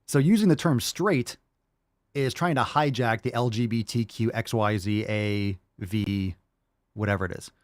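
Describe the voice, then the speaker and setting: A man's voice: on the low side, measured pace, no echo. A man hosting a podcast, ranting and mocking a clip in a brash, profane way. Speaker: podcast host. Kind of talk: ranting reaction commentary.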